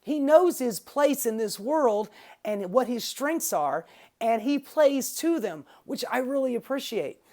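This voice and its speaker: A woman's voice: a little high, lively intonation, a little slow, mellow. A woman YouTube commentator ranting casually and profanely about the news.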